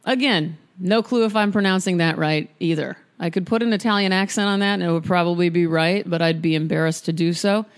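A woman hosting a casual podcast, reading poems aloud in a husky, worn voice with playful, unhurried asides between them. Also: lowish voice. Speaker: podcast host reading poetry.

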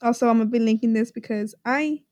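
Young Texan woman, high-pitched, playful co-host who laughs easily. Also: warm tone. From Texas. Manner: giggly, joking, quick to laugh. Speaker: podcast co-host. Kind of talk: casual chat.

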